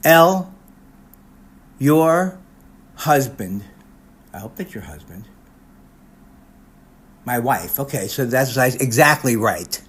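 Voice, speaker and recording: A man's voice: mid-range voice, animated, slow pace, long pauses, fairly bright tone, breathy edge. An older man, a comedian, doing a mock roast in a rambling comic monologue, often cutting himself off and restarting his sentences with sarcastic asides. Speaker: comedian recording a personalized video message.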